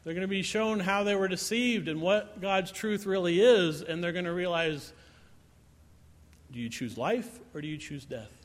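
A man's voice: sits high, moderate pace. A man giving a sermon, reading scripture verses and commenting on them in a conversational way. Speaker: pastor. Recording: reverberant hall.

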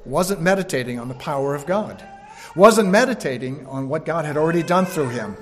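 A male preacher giving a sermon, swinging between loud emphatic lines and hushed, slow ones. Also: fairly high pitch, animated, long reverb tail.

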